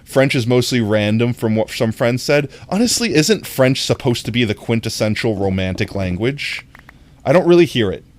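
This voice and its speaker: A young man talks casually on a livestream, his pitch bouncing up and down as he rambles. He leans on fillers, restarts and quick laughs as he answers his chat. The delivery is loose and conversational. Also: lively intonation. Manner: reacting to chat messages. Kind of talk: casual live-stream chat.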